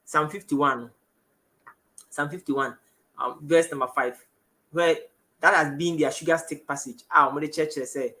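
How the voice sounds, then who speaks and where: Ghanaian male Bible teacher, slightly high and very bright voice, halting studio delivery. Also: steady tone. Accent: Ghanaian English. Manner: halting, self-correcting, reads verses aloud. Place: television studio.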